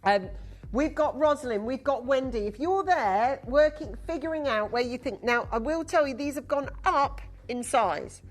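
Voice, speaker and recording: A woman's voice: sits high, animated, moderate pace, faint music behind. A woman presenting a live TV shopping show, chatty, upbeat and coaxing as she sells to callers. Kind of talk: live TV sales pitch. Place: TV studio.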